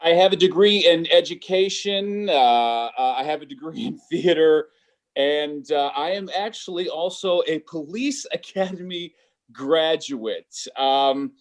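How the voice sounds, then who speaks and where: High-voiced stammering male comic. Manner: halting, stammering delivery with many fillers. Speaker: stand-up comedian. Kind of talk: stand-up set on a virtual show. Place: home, video call. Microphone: computer mic on a video call.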